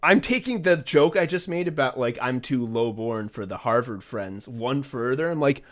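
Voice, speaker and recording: Animated, laughing man telling a story. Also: medium pitch, normal speed. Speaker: podcast co-host. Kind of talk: casual comedic chat.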